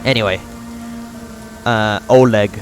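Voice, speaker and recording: A man's voice: lowish voice, fairly even intonation, slow pace, music in the background, poor audio. A man streaming live gameplay, chatting casually and laughing at himself while reading game dialogue. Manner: laughing, self-deprecating.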